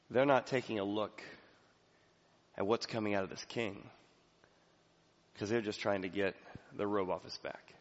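A male pastor preaching a sermon in a church, swinging from soft, low passages to loud, emphatic ones. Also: steady tone, unhurried, long pauses. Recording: reverberant hall, slightly dull sound.

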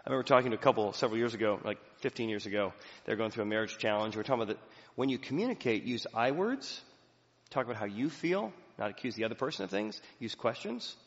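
A man's voice: fairly low pitch, animated, quick pace. A male pastor giving a sermon in a conversational, storytelling way. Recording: echoey hall, dull lo-fi sound.

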